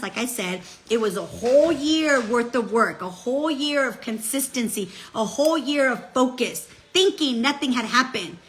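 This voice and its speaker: A woman's voice: medium pitch, a bit bright, slight background noise. A middle-aged woman giving a chatty, emphatic motivational talk, dropping Spanish phrases and asking "okay?" between points. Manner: chatty, emphatic, peppers speech with "okay?" and "guess what"; switches into Spanish phrases mid-sentence. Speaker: motivational speaker.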